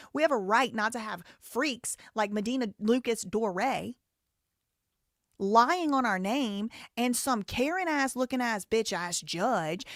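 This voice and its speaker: A woman's voice: a little high, no echo. Outspoken woman host, live commentary, hot-tempered and profane, dry close sound. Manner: heated, blunt and profane. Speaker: show host.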